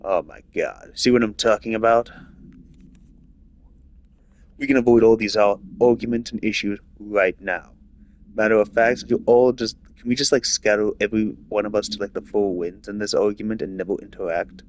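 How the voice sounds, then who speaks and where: A man's voice: fairly low pitch, steady tone, normal speed. Rambling man streaming a game. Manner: rambling, lots of filler "like". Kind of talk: casual rambling commentary over gameplay.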